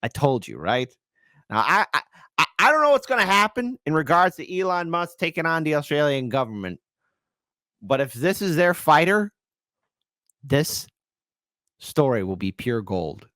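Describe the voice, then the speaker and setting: A man hosting a casual commentary show, jokey and excitable, and often poking fun at himself. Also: fairly high pitch, moderate pace, long pauses, no room sound, clean studio sound. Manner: jokey, excitable, self-mocking.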